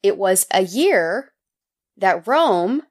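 A woman's voice: mid-range voice, very animated, extremely slow. A woman co-hosting a podcast, casually summarizing articles in a playful way and laughing often. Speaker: podcast co-host.

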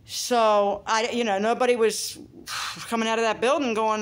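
A woman telling a story in a casual vlog, chatty and animated, breaking into squeaky voices for other people. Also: unhurried. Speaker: vlogger. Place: outdoors after a walk.

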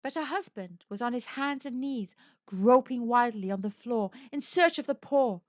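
A woman's voice: a little high, lively intonation, normal speed, a little mellow, dry recording. A woman storyteller narrating a spooky classic tale in a dramatic, suspenseful way. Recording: dull, dry lo-fi recording.

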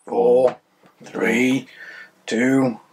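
A man's voice: medium pitch, flat delivery, extremely slow, darkish tone, slight background noise. A man co-hosting and running a casual quiz, teasing and playful. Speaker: co-host, quizmaster.

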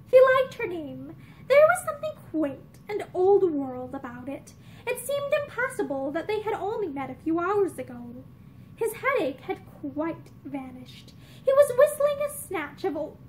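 A young woman reading an old novel aloud in an expressive storybook manner. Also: very high-pitched, slight background noise. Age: young adult. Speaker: reader.

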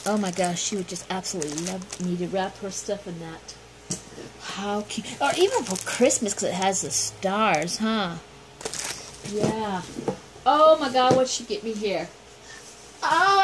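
A middle-aged woman unboxing gifts from a swap, gushing and gasping over every item as she talks. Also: a little high. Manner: gushing, gasping, repeats exclamations. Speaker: vlogger unboxing a gift swap. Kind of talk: excited unboxing chat. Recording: noticeable background noise.

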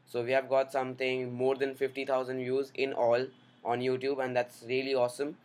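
A man's voice: mid-range voice, completely flat delivery, a little fast, a little mellow. A man hosting a tech tutorial, giving casual, upbeat step-by-step instructions. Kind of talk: screen-recorded software tutorial.

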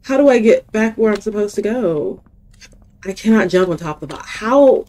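A woman's voice: medium pitch, lively intonation, a little fast, warm tone. A young woman giving casual let's-play commentary, mocking herself and talking to the game and her viewers. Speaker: gaming youtuber.

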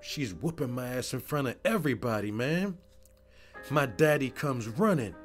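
A man narrating a first-person story in a scripted voice-over, animated and profane. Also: medium pitch, normal speed, faint music behind.

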